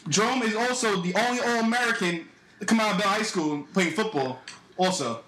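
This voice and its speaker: A man's voice: sits high, fairly quick, bright, forceful tone, reverberant, a little hiss or hum, low-quality recording. A young man telling a story in a casual, profane way on a podcast, acting out other people's lines as he goes. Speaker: podcast host.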